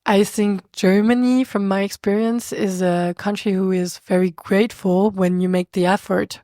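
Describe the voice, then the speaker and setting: A woman's voice: mid-range voice, moderate pace, no room sound. French woman, dry close mic. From France. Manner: animated, searching for words, laughs often. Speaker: podcast guest. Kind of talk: casual conversation.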